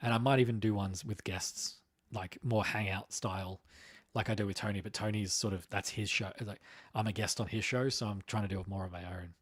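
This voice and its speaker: A man's voice: on the low side, steady tone, fairly quick, no room sound. A man from Australia hosting a casual political live stream, rambling as he reads out chat comments.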